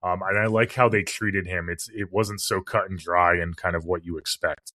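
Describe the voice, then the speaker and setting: A man's voice: sits low, moderate pace, no echo, clean studio sound. A man co-hosting a podcast, chatting casually and with some swearing as he reviews a film and acts out its lines. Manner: relaxed, profane, acts out quotes. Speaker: podcast co-host.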